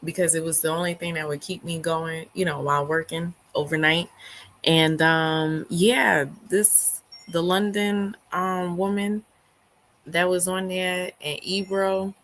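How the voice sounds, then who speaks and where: A woman hosting a book club livestream, her voice hoarse and not fully recovered, talking in an animated, slangy way. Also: lowish voice, unhurried, slight background noise. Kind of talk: casual livestream chat.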